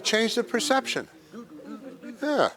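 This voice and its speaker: Very high-pitched and very animated yet taking it slowly, a workshop presenter gives a joking motivational talk to a senior center group. Crowd noise is audible as he acts out little scenes and quotes.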